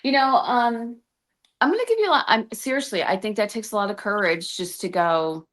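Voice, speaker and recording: A woman's voice: mid-range voice, lively intonation, moderate pace, a bit bright. A woman interviewer talking in a casual, reflective way, often hesitating as she thinks aloud. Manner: reflective, hesitant, with many fillers and restarts.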